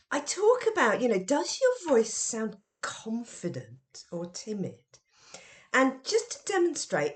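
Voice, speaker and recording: A middle-aged woman who trains teachers and speaks in an educational podcast style. Her pitch rises and falls widely as she fires off emphatic questions. She sounds animated and clear. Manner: lively and expressive, with emphatic questions.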